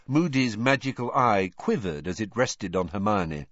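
A man reading a story aloud as an audiobook narrator, expressive in his storytelling. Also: on the low side, normal speed, dry recording, lo-fi sound. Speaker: audiobook reader. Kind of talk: scripted narration.

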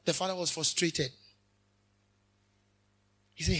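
A male minister delivers a fervent sermon. His voice sits high and sharp with a husky, breathy edge. He swings from hushed asides to sudden loud bursts. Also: moderate pace, long pauses.

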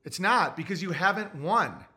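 Bright high-pitched guy on a stream, blunt and crude, just lecturing people. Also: animated, moderate pace. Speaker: livestream host. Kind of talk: ranting livestream monologue.

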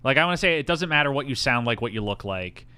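A man's voice: medium pitch, animated, quick pace, sharp tone, smooth, dry recording. A man co-hosting a casual podcast chat and animatedly recounting trivia. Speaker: podcast co-host.

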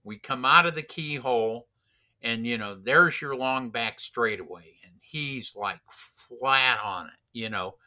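A man's voice: mid-range voice, unhurried, pushed and bright. A man casually telling a racing story, rambling with many restarts and fillers. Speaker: racing driver instructor.

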